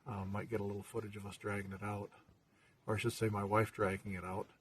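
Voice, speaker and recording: A man casually chatting about his hunt in a relaxed vlog manner, outdoors in the woods, filmed by someone else. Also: lowish voice, fast, a little hiss or hum. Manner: chatty, easygoing, fillers. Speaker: hunting vlogger. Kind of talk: casual hunting vlog talk. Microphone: camera held by another person, from a distance. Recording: voice from some distance.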